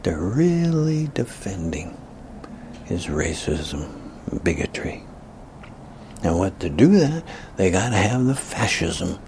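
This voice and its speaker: A man giving a ranting political commentary, emphatic, often dropping into breathy whispered asides. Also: sits low, sing-song, slow, long pauses, darkish tone, slight background noise.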